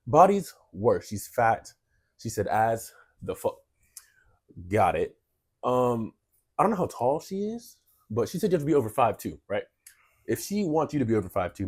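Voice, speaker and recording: A man's voice: medium pitch, sing-song, moderate pace, darkish tone. A man co-hosting a casual comedy podcast, sarcastically reading and mocking dating profiles. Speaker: podcast co-host.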